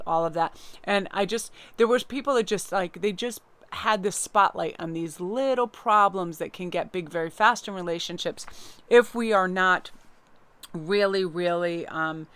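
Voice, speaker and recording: A woman's voice: lowish voice, clean tone, dry recording. A woman tarot reader giving a casual, chatty inspirational talk, telling stories with lots of fillers. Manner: chatty, warm storytelling with many fillers.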